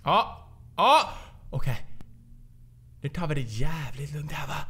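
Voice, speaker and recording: A man with a Swedish accent, a native Swedish speaker, giving gaming commentary, raging, swearing and yelling at the game. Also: on the high side, very animated, measured pace. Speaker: gaming video creator. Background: game music.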